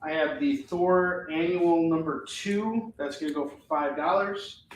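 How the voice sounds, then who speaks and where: A man hosts a live sale, listing items and prices in a loose, chatty way full of fillers. His voice sits a bit high for a man. The sound is roomy and echoey, with a faint hum of ambience behind him. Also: measured pace. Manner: casual, rattles off items and prices, many fillers. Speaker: live shopping show host. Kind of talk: live comic sales pitch.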